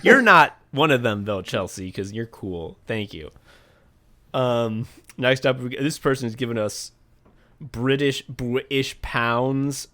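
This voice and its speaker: A man co-hosting a podcast in casual comedic chat, reading patron names with deadpan absurd jokes. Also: mid-range voice, takes it slowly. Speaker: podcast co-host.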